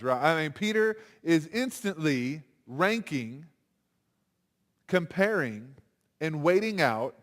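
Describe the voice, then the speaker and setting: Animated man preaching in a reverberant chapel. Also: fairly high pitch, slow. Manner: animated, conversational preaching with acted-out quotes. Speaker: chapel speaker. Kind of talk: sermon. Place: university chapel. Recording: long hall reverb.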